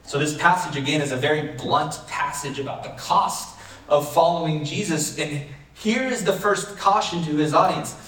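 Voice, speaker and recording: A man's voice: fairly high pitch, normal speed, a bit bright. A man pastor preaching a sermon in a conversational way, often asking rhetorical questions, in a church hall. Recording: echoey room, mic far off.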